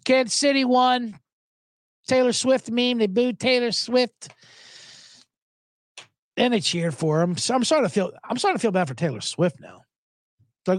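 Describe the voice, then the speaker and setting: A man hosting a casual sports podcast, talking in an animated, profane way and jumping between topics with loud mocking impressions. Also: sits high, fairly quick, dry recording, studio quality. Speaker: podcast host.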